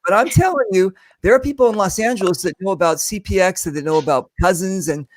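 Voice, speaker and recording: Man host, joking rambly talk show on a video call, fairly high voice, dry sound. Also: fast, dry recording. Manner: joking, rambling, many fillers. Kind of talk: casual video-call chat.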